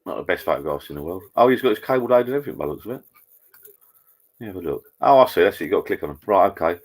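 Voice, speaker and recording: A man hosts a relaxed live stream from his home bar, speaking into a laptop. His voice sits very low. He drifts from story to story and calls out to viewers by name. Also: very fast. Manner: chatty, rambling, greets viewers by name. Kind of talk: casual live chat with viewers.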